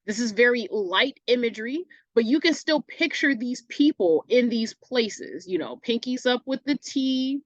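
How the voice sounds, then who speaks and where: A woman's voice: a little high, lively intonation, measured pace, hardly any pauses, no room sound. Casual woman teacher, dull dry recording. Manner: casual, self-correcting, fillers like "like" and "right?". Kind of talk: recorded online English lesson.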